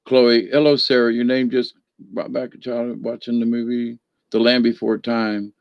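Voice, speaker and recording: This gravelly, medium-pitched voice belongs to a northern US man hosting a rambling spiritual livestream, delivered flatly at a moderate pace in a dry recording with the highs cut off. Folksy and feisty, he laughs often, reads viewer comments, and greets viewers by name.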